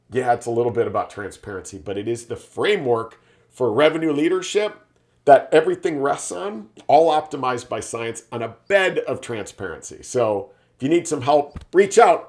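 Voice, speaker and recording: A man's voice: mid-range voice, darkish tone. A man, a sales leadership speaker, telling a business parable in a casual storytelling style, often adding tag questions. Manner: chatty, frequent tag questions.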